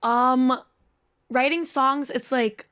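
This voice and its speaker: A woman's voice: high-pitched, steady tone, takes it slowly, fairly bright tone, clear, resonant tone. A young woman from Mexico, a native Spanish speaker with a Mexican accent, answering interview questions in a chatty, bubbly way. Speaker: musician, band member.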